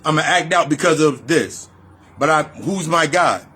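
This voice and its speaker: A man's voice: a little high, lively intonation, a little slow, pushed and bright, slightly rough. A man giving a casual, profane spiritual talk in loose run-on sentences, repeating phrases for emphasis. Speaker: spiritual reader and life coach. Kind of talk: freewheeling spiritual monologue.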